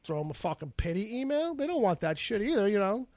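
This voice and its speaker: A man's voice: high-pitched, very animated, fast, darkish tone, no echo. A man hosting a podcast in casual chat, rambling and profane, leaning on "like" as a filler. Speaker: podcast host.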